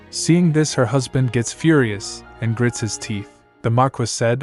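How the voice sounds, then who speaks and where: A man narrating a comic story recap in a plain, steady, slightly stilted reading. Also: mid-range voice, measured pace, few pauses. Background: faint music.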